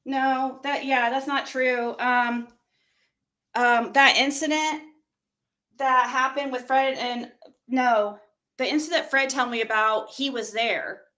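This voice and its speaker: A woman's voice: high-pitched, steady tone, slow, pushed and bright. A woman livestreamer in a heated, profane rant, talking straight to her chat.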